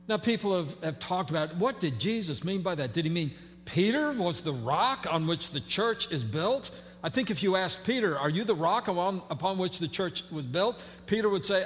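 A man's voice: sits high, animated, moderate pace, a bit bright, in a large hall, a little hiss or hum. A man preaching a sermon as pastor, conversational and folksy, with fillers and playful asides. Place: church sanctuary.

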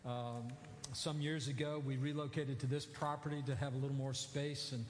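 A man's voice: medium pitch, little pitch movement, normal speed, slight background noise. A male pastor giving a sermon in a church, talking in a conversational way with many fillers and self-corrections. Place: church sanctuary. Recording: echoey church hall.

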